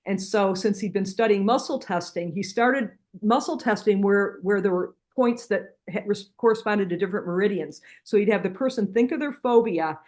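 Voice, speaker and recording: A woman's voice: medium pitch, normal speed, hardly any pauses. A middle-aged woman, a guest practitioner from a healing center, explaining techniques and telling stories in an earnest, conversational interview, often restarting her sentences. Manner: earnest, with frequent restarts and lively retold dialogue.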